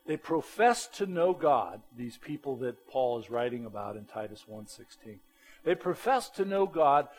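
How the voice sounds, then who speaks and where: Animated man preaching a sermon. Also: medium pitch, poor audio. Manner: animated preaching, emphatic, plain-spoken. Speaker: pastor.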